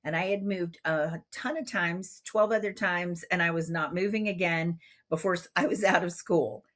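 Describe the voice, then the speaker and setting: A woman's voice: fairly low pitch, normal speed, fairly bright tone. A woman in her fifties telling a playful story as a guest in an interview. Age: 50s. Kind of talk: animated storytelling.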